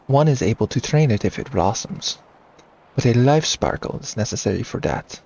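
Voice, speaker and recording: A man putting on a stiff female scientist, mock German accent, halting delivery, gravelly edge. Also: mid-range voice, darkish tone, dull audio. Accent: put-on German. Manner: halting, stumbling over lines. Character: aloof woman scientist with a put-on German accent.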